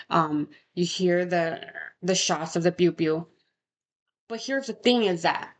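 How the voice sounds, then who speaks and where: A woman's voice: on the low side, gravelly. A young woman casually talking through a true crime case, rambling and correcting herself, with frequent rhetorical questions. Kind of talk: casual chat.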